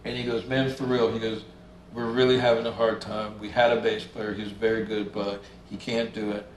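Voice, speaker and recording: Brisk and level, with a lowish voice, a man tells stories in a casual interview as a musician guest. He stays relaxed, swears without restraint and acts out what others said. The recording has a roomy sound, faint ambience and slight background noise.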